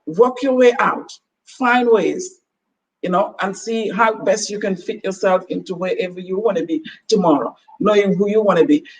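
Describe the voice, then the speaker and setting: A woman giving earnest, preachy advice as a talk-show panel guest, acting out quoted exchanges. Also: medium pitch. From Gambia. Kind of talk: motivational talk show chat. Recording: distant mic with faint background noise.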